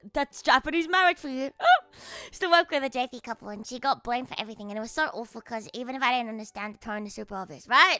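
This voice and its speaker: A woman's voice: sits high, bright, forceful tone, no room sound. A woman streamer in casual sarcastic chat, rambling and laughing often, on a close mic.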